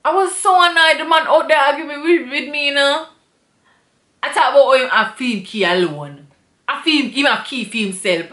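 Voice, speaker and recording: A woman with a Jamaican accent, vlogging an animated, indignant storytime review in patois. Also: on the high side, normal speed, reverberant.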